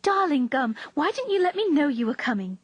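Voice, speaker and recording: A woman reading aloud, voicing an affectionate young woman who speaks brightly and eagerly. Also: sits high, very animated, a little fast, no room sound, pitched above the performer's own voice.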